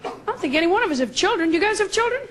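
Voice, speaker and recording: A woman's voice: very high voice, sing-song, racing. A woman doing a stand-up routine on a club stage, chatty and sarcastic. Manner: chatty, conversational, sarcastic asides. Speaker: stand-up comedian. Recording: noisy club recording with audience.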